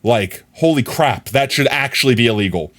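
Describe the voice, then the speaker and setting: A young man livestreaming, chatting casually with his viewers and telling stories in an animated way. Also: mid-range voice, moderate pace. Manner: animated storyteller, often laughing.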